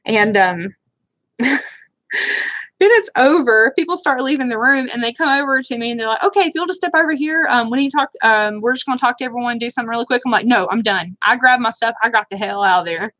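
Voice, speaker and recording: Chatty higher-pitched woman, dry sound. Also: quick pace, bright, forceful tone, dry recording. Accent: Southern US. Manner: chatty, rambling, self-deprecating. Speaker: beauty vlogger. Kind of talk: casual storytelling while doing makeup. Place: home room, live stream.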